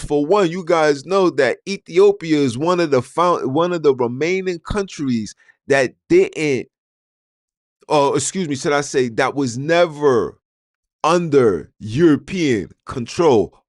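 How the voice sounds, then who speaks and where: A man's voice: a little high, a little mellow, no room sound, clean studio sound. A man hosting a podcast, delivering an argumentative monologue full of rhetorical questions that he puts straight to his listeners. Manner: addresses listeners directly. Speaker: podcast host.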